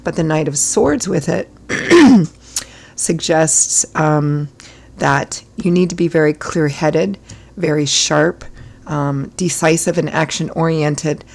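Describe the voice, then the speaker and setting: A hoarse woman from Ireland giving a chatty tarot reading, rambling with fillers and clearing her throat often. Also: sits low, a little slow, darkish tone. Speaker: tarot reader. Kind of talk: casual tarot reading talk.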